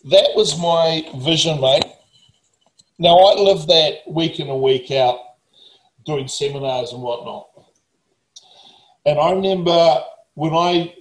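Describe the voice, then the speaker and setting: A man's voice: on the high side, roomy sound, low-quality recording. A man, a motivational speaker talking casually, blunt, emphatic and swearing heavily. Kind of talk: casual talk.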